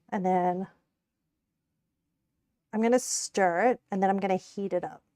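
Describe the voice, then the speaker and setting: A woman's voice: mid-range voice, warm tone, no room sound. A young Australian woman streaming while she cooks, chatting casually and rambling, with frequent laughs and casual swearing. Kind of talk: casual live-stream chat while cooking.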